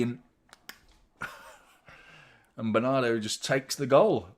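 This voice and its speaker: Sweary football fan host. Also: male voice, medium pitch, slow pace, long pauses. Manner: animated, sweary banter with a laughing tone. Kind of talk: casual live football chat and commentary.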